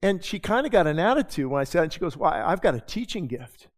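A man preaching a sermon keeps things casual, posing rhetorical questions and slipping in quick side remarks. His pitch runs a bit high for a male voice and swings widely. Long sanctuary reverb hangs on every word.

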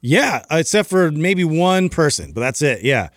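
A man's voice: on the high side, very animated, unhurried, no room sound, studio quality. A man in laid-back podcast chat who says "like" often.

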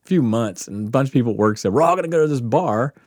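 Animated, profane Southern storyteller man. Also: mid-range voice, quick pace, dry recording, clean studio sound. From Mississippi Gulf Coast. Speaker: podcast guest. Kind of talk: casual storytelling.

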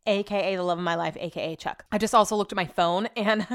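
A woman's voice: mid-range voice, fairly even intonation, quick pace. A young woman hosting a casual chat podcast, gossipy and chatty, swearing freely. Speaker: podcast host.

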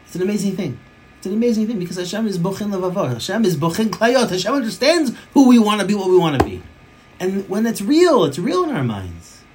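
A man's voice: high voice, very animated, quick pace, a little mellow, a little hiss or hum. A man teaching a Torah class as a rabbi, emphatic, often repeating phrases for stress and mixing in Hebrew and Yiddish terms.

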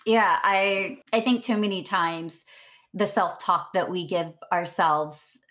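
A woman interviewer in casual conversation with her guest. She speaks in a relaxed, measured way and laughs easily along with her guest. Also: fairly low pitch. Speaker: interviewer, host.

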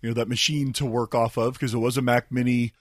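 A man's voice: mid-range voice, level tone, fast, dry recording, clean studio sound. A man co-hosting a casual tech podcast, easygoing and explanatory. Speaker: podcast co-host.

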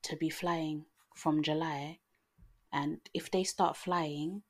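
Low-voiced husky young woman. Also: steady tone, takes it slowly. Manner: easygoing, laughs often, explains plainly. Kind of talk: casual chat.

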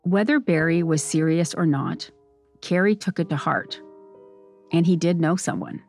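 A woman hosting a podcast, delivering measured, scripted documentary narration. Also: sits low, soft background music. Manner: measured, even storytelling.

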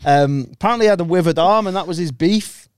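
A man's voice: high voice, quick pace, clear, resonant tone, no echo, clean studio sound. Jokey rambling guy. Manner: rambling, jokey, British slang. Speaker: podcast co-host. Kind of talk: casual chat.

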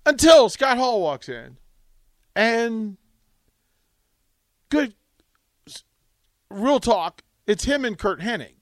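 A man hosting a sports radio talk show, telling a rambling, animated anecdote with restarts into a studio mic. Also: high-pitched, drawn-out words, pauses often, no room sound.

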